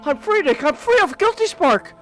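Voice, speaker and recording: A man streaming a game in casual chat, excitable, exclaiming and stammering as he plays. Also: very high-pitched, normal speed, music in the background.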